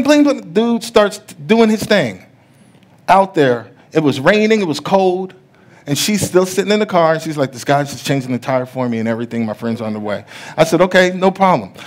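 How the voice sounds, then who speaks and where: Storytelling preacher, a man. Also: on the high side. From USA. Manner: storytelling, rising to loud preaching; acts out the voices in his stories. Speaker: pastor. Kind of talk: sermon.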